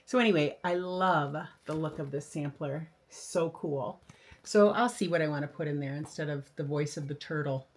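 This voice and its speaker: A woman's voice: low-pitched, moderate pace. Older woman, craft video host, casual show-and-tell, rambling, enthusiastic. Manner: chatty, enthusiastic, rambling with fillers. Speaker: flosstube host.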